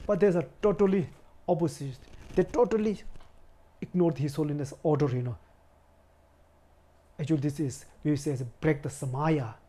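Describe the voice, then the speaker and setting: A man in his forties from India, a Buddhist lama, telling his life story in a halting way, searching for words and often saying "you know". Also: on the high side, dark tone. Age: 40s. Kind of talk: personal storytelling interview.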